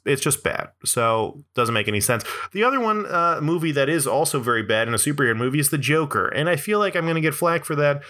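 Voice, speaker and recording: A man's voice: mid-range voice, pushed and bright. A man giving a rambling, profane comedic monologue, peppered with "like" and "uh" and frequent laughs.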